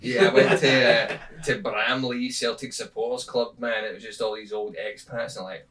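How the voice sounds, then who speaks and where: A Scottish man tells a shaggy-dog joke on a podcast in a rambling, swearing, chatty way. His voice sits at an ordinary middle pitch and sounds slightly distant from the microphone. It is loose, unscripted comedy talk. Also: steady tone, normal speed, hardly any pauses, fairly bright tone, a little hiss or hum. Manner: rambling storyteller, swears freely, bursts into laughter. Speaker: comedian guest. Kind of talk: casual podcast chat.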